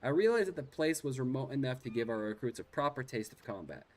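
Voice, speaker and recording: A man reading a gruff naval officer's game dialogue aloud, stumbling over words now and then. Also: medium pitch, expressive, fast, lightly acted. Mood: matter-of-fact. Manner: reads quest text aloud with stumbles.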